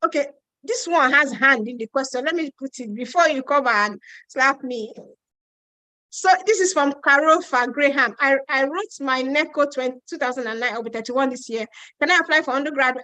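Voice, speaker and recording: A woman's voice: high voice, normal speed, bright, forceful tone, dry recording, low-quality recording. A woman with a Nigerian accent hosting a casual live stream, reading out viewer questions and answering them frankly, with some teasing.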